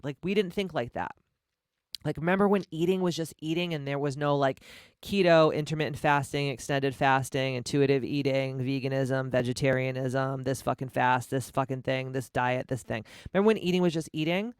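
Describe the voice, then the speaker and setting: A woman in her forties hosts her own podcast, delivering a candid personal monologue emphatically and swearing freely. Her bass voice is smooth with fairly even intonation at normal speed, in a dry, clean studio recording.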